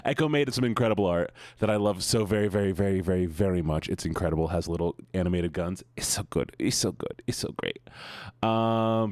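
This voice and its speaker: A man's voice: low voice, brisk, a little mellow, no echo, studio quality. A man streaming, greeting his viewers in a playful, sing-song, teasing way. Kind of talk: casual chat greeting viewers.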